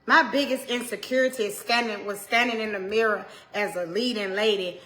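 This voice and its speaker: A woman's voice: medium pitch, steady tone, brisk. Impassioned Atlanta woman preaching. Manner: impassioned, swings from hushed to shouting; Southern vernacular, repeats phrases. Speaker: minister. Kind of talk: preaching talk.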